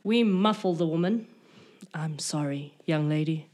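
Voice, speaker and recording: A woman's voice: low voice, measured pace, darkish tone. A woman playing a tabletop game, talking in a wry, joking way. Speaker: player.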